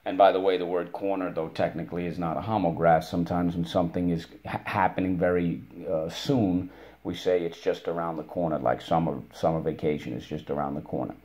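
Deep-voiced man teaching spelling. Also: fairly even intonation, fairly quick, mellow. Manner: patient, encouraging, spells words out letter by letter. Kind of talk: spelling lesson for a child.

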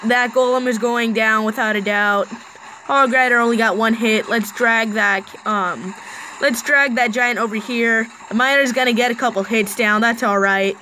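A woman giving chatty, live play-by-play commentary on her own mobile game match, with excited bursts. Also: on the high side, moderate pace, slight background noise, poor audio. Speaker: gaming channel host.

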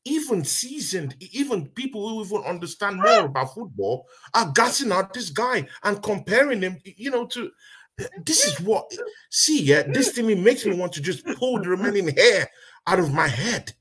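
Man, husky voice, lively swinging pitch, exasperated football chat, repeats himself. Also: normal speed. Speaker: podcast co-host.

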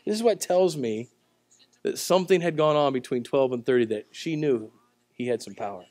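A man preaching a sermon at a church service, telling the story in a conversational way and swinging between loud, emphatic lines and quiet ones. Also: mid-range voice, animated, normal speed, no echo. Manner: conversational storytelling with acted-out voices. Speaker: pastor.

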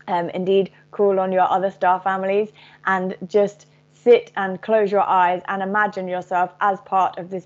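A woman channeling gentle Lemurian spirit beings. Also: lowish voice, muffled recording, natural voice. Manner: gentle, reassuring, addresses listeners as dear ones. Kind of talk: channeled message.

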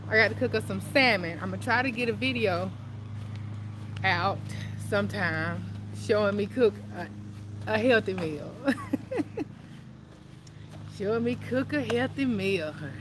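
A woman's voice: mid-range voice, a little slow, long pauses, noisy background. A woman vlogging while walking outdoors, chatty and out of breath, recorded on a handheld camera. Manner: chatty, out of breath, sighing and laughing often. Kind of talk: casual walking vlog. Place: outdoors in a neighborhood street.

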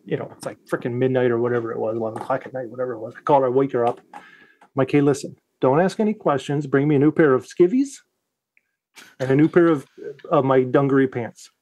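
A man's voice: mid-range voice, quick pace, no room sound. A man, a Navy veteran from the United States, telling a story in a casual podcast chat, swearing freely and acting out what he said back then. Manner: profane, animated, acts out his own quotes.

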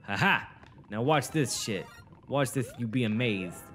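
A man's voice: medium pitch, animated, a little slow, a bit bright, soft background music. Cursing man playing a video game. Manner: frustrated, cursing, boastful toward a friend. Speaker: gameplay commentator. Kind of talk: swearing let's-play commentary.

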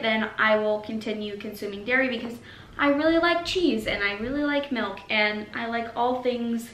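A woman's voice: on the high side, fairly bright tone. A young pregnant woman chatting emotionally in a casual update vlog, short of breath and uncomfortable. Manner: chatty and emotional, says y'all. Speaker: vlogger. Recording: echoey room with faint noise.

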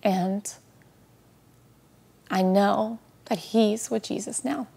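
Earnest woman, gravelly and husky. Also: medium pitch, steady tone. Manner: heartfelt, slows and softens on key words. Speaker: guest, widow sharing her story. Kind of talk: emotional faith interview.

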